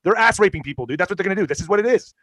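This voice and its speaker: High-voiced man ranting at breakneck speed. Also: lively intonation, rapid-fire, a bit bright, no echo. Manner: impassioned, ranting, profane. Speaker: round table guest. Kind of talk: heated live-stream rant.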